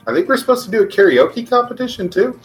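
A man's voice: sits high, very animated, quick pace, soft background music, poor audio. A young adult man playing in a tabletop game, blunt and joking, swearing casually in and out of character. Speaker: player. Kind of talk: tabletop role-play, in and out of character.

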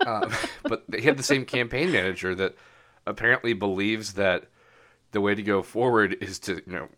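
A man's voice: fairly low pitch, moderate pace, pauses often, sharp tone. A man co-hosting a podcast, rambling through casual political chat with lots of fillers and frequent laughs. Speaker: podcast co-host.

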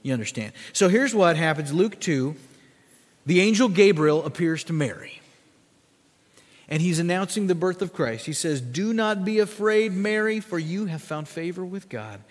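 A man preaching in a church sanctuary, his voice pitched high for a man. He builds from quiet, low phrases to loud emphatic peaks and calls on the congregation to repeat words. A long reverb from the big hall trails each line. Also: animated, normal speed. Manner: asks the congregation to repeat words and follow in their Bibles. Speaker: pastor. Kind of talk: sermon.

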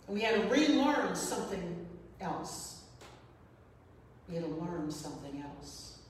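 A woman's voice: on the low side, big pitch swings, unhurried. A woman shares a personal story in an earnest, reflective way, often circling back to repeat a phrase. Her voice reaches the mic from some distance in a large, echoing hall with a long reverb tail, and faint noise sits under it. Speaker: speaker sharing a personal story. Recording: echoey hall, voice from far off.

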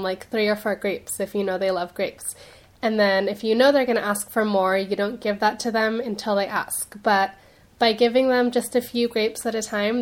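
A woman speech pathologist hosting an advice podcast, chatty and explanatory, her nose stuffy as she gets over being sick. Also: mid-range voice. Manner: chatty, explanatory, with many fillers.

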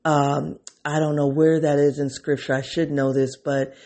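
A man's voice: fairly high pitch, level tone, normal speed, a little mellow. A man talking to his viewers in an unscripted reflective monologue, rambling and restarting his thoughts, openly emotional. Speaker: vlogger speaking to his viewers.

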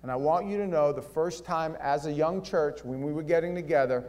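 A male pastor preaching a sermon in a casual, animated way, swinging between loud and hushed delivery. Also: a little high, a little fast.

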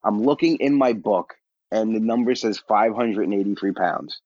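A man who is a stand-up comedian, telling candid, self-deprecating stories as a podcast guest, blunt and quick to get defensive. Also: fairly low pitch, darkish tone, no echo, dull audio.

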